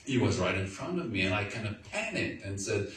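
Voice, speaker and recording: Man giving a halting testimony in a roomy hall. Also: on the low side, sing-song, a bit bright. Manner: halting, repeats words, earnest storytelling. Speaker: guest speaker. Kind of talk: testimony to a church audience. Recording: roomy, far from the mic, faint noise.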